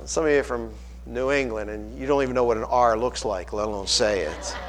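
A man's voice: medium pitch, fairly quick, in a large hall, a little hiss or hum. A man from Pittsburgh, a pastor preaching a folksy sermon full of rhetorical questions.

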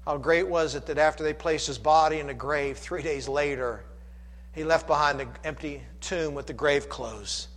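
Man, pastor, sermon, high voice, fervent repeated refrains, long church reverb. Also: normal speed, fairly bright tone. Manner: preaching with rising fervor and repeated refrains.

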